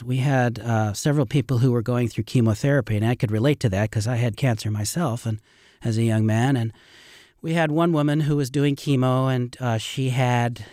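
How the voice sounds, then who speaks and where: A man's voice: mid-range voice, darkish tone, dry recording, clean studio sound. A middle-aged man, a river rafting guide, telling stories earnestly and ramblingly in a radio interview.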